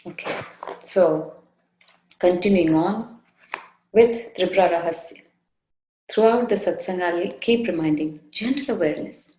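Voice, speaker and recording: A woman spiritual teacher giving a devotional talk with guided meditation, soft, unhurried and gently coaxing, often repeating her phrases. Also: on the low side, reverberant, slight background noise, poor audio. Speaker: spiritual teacher leading a satsang. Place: indoor room.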